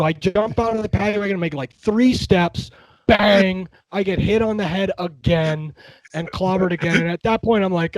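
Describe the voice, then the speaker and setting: A man in his fifties, a podcast guest telling stories in a relaxed, wry way. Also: high-pitched, moderate pace, dry recording, low-quality recording. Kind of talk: casual storytelling.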